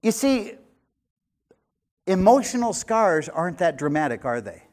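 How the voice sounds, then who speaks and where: An older man in his sixties preaching a sermon in a fairly high voice. He talks in a conversational, animated way, jumping from loud emphasis to quiet asides and slowing down to drive points home. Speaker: pastor.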